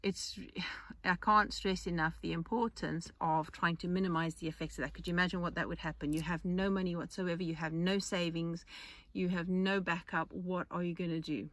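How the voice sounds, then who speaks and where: A woman's voice: fairly low pitch, steady tone, fairly quick, fairly bright tone, no echo. A woman hosting a podcast, talking in a chatty, rambling way with restarts and asides. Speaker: podcast host. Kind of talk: casual monologue.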